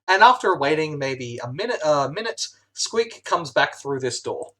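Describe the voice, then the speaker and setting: A man's voice: a little high, sing-song, moderate pace, pushed and bright. A man running a tabletop role-playing game as game master, narrating scenes with frequent "uh" fillers and restarts. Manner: hesitant, many "uh" fillers.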